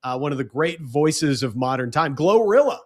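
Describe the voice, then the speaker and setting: A man co-hosts a sports talk show in easy, casual chat. He jokes and stumbles through his words with hesitant restarts. His voice sits a little high. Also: lively intonation, moderate pace.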